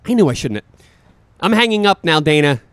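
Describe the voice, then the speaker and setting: An actor playing a brash, foul-mouthed man who boasts loudly and shouts curses. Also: on the high side, sing-song, fairly quick, dry recording. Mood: defiant. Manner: loud, profane, escalating shouts.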